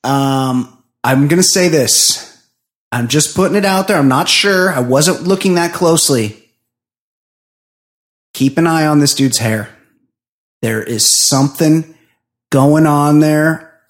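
A man co-hosting a podcast in casual chat, animated and jokey, swearing freely as he speculates. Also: fairly high pitch, takes it slowly, pauses often. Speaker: podcast co-host.

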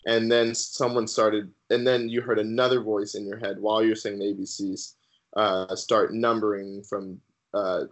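A man guest on a podcast sharing his personal faith testimony in an earnest, halting way with many fillers. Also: fairly low pitch, rough recording.

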